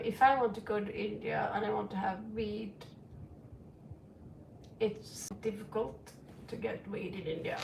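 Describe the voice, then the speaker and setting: A middle-aged woman with a raised, gravelly voice chats slowly and frankly as a tarot reader. She rambles and calls her listeners sweetie. She is heard in a roomy space, set back from the mic. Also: fairly high pitch, recorded from a distance, slight background noise. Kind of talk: casual livestream chat. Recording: roomy echo, away from the mic.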